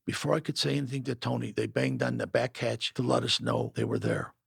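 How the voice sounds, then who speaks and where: A man's voice: medium pitch, huge pitch swings, a little fast, gravelly, husky, no echo, clean studio sound. A man narrating a first-person memoir in a gritty, matter-of-fact way.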